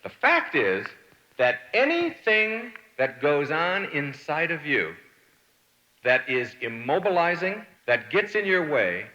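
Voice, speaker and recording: On a muffled recording, a middle-aged man speaks slowly in a fairly high voice, delivering a motivational lecture. He tells anecdotes with animation and performs the voices of those he quotes.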